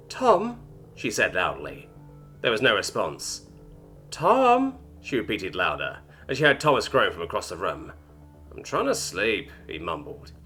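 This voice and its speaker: A man narrating a story with a low, husky voice that swings widely in pitch. His tone is bright and forward. Faint music plays behind him. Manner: expressive storytelling. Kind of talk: scripted narration.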